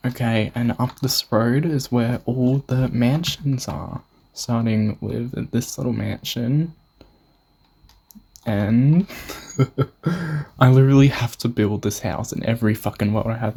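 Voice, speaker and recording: A man's voice: mid-range voice, creaky, warm tone, slight background noise. Rambling young Australian guy touring a game build. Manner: rambling, swears often, self-mocking. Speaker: gamer showing a build. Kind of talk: casual gameplay narration.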